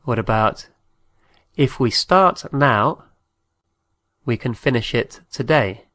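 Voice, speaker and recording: A man teaching a language lesson, saying each phrase slowly and repeating it, sometimes spelling words out letter by letter. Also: medium pitch, animated, sharp tone, no echo.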